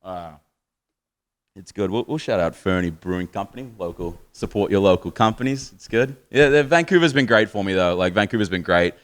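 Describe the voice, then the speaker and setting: This Australian stand-up, a man in his thirties, talks briskly in a lowish voice with lively intonation. His live set is crude and wandering, and he keeps chuckling at his own jokes.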